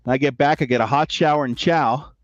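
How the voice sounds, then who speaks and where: Animated storytelling man, dry lo-fi sound. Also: medium pitch, brisk, dry recording. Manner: animated storyteller acting out quotes. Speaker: podcast host. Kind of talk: casual chat, army stories.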